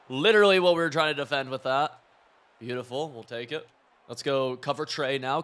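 Young male gaming streamer, loose and excitable play-by-play, profane and chatty. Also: mid-range voice, moderate pace. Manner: excitable, chatty, swears and laughs often. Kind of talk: live gameplay commentary.

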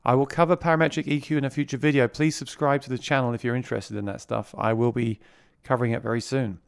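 A man walks through a piece of music gear in a chatty demo, often repeating a word as he restarts a thought. His voice sits at a middling pitch and runs through a vocal mic plugged into the device itself. The sound is dry and close, with no room around it. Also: steady tone, quick pace, creaky, clean tone, no echo. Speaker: gear reviewer. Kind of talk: casual product demo. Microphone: vocal mic routed through the mixer being reviewed.

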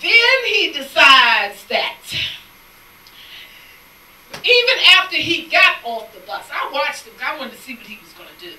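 A woman preaching a sermon, telling a lively story and acting out the people in it, sometimes shouting and laughing. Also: high voice, unhurried, long pauses, a little hiss or hum. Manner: animated storytelling, acts out quoted people; shouts and laughs between lines. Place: church sanctuary. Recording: echoey church sound from a distant mic.

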